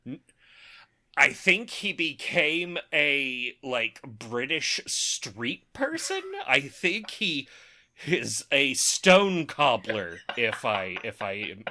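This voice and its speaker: A man co-hosting a podcast in loose, casual chat. His voice is bright and his pitch moves a lot. He takes his time, and jokes and laughs often. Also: very animated. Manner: joking, laughs often, drawn-out phrasing. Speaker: podcast co-host.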